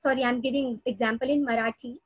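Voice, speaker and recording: A woman's voice: fairly high pitch, steady tone, fast talker, slightly rough, dry recording, lo-fi sound. A woman explaining a topic in a webinar over a video call, with frequent "uh" hesitations. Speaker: audiologist speaker.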